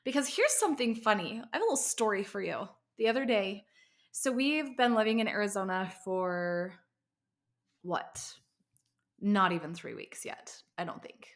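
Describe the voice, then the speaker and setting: A woman's voice: mid-range voice, lively intonation, moderate pace. A woman in her thirties hosting a parenting podcast, telling a story with many asides in a casual pep-talk style.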